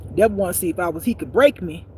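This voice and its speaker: Woman ranting about spirit stuff, cussing a lot, preachy, goes loud then mutters low. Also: lively intonation, rapid-fire, slight background noise, low-quality recording. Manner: blunt and preachy, swearing freely; swings between loud exclamations and low muttering. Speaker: spiritual life teacher. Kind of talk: profane spiritual rant monologue.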